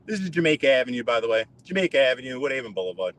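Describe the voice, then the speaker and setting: A man's voice: mid-range voice, sing-song, racing, a bit bright. A man, ranting sarcastically on a live stream while driving his car. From New York. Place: inside a car.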